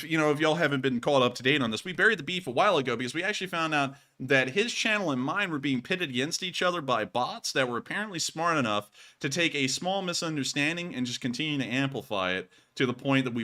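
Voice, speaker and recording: Bright-voiced Southern American host. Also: male voice, mid-range voice. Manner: animated, laughs often, quick asides. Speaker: host of a war news live stream. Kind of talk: casual live-stream chat.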